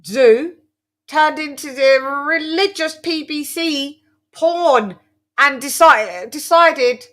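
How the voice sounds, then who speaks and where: A woman hosting a boxing chat show, talking casually in an animated, exaggerated way with lots of stammered restarts. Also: high voice, takes it slowly.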